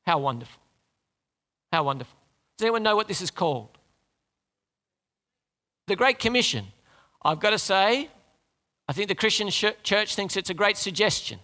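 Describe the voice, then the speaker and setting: A man's voice: sits high, expressive, moderate pace, long pauses, sharp tone. A man preaching a sermon to his congregation in a conversational way, asking them questions and talking to them directly.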